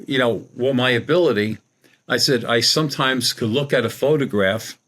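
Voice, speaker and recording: Brief: middle-aged male medium guest, colloquial rambling storyteller, mid-pitched. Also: moderate pace, fairly bright tone. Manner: rambling, colloquial, acts out quoted dialogue. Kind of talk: conversational storytelling.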